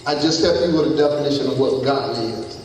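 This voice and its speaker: A man preaching a sermon, firing questions at the congregation and swinging between shouts and low asides. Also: brisk, a little hiss or hum. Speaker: pastor. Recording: echoey hall, taped from far off.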